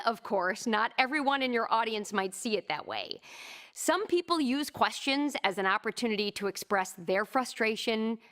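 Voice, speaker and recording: Brief: woman speaking coach, high voice, measured scripted delivery. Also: a bit bright. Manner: crisp, measured advice with acted example quotes. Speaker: presentation coach. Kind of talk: scripted instructional narration.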